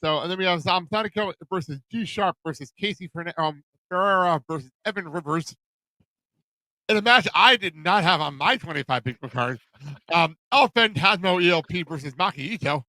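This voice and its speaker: A man with a bright, ringing voice, pitched a little high, hosting a casual podcast. He rambles through match listings with lots of ums and fillers. The sound is dry and close. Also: lively intonation, moderate pace, dry recording, low-quality recording. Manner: rambling, reads match cards with frequent fillers. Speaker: podcast host and producer. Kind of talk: casual chat.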